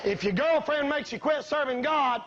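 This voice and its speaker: A man preaching a fiery revival sermon, telling folksy stories that build up to shouting. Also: very high-pitched, moderate pace, muffled recording, a crowd in the background.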